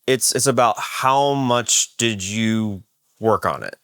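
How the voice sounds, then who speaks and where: A man's voice: on the low side, slow, a bit bright, clean tone, no room sound, studio quality. A man hosting a podcast, talking casually in a rambling way with many restarts. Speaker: podcast host.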